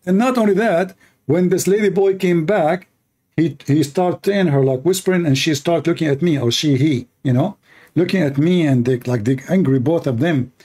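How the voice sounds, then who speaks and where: A man's voice: on the high side, moderate pace, mellow, slightly rough. A man answering viewer questions in a casual monologue, sarcastic and mocking, speaking English with non-native grammar. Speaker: online commentator answering questions.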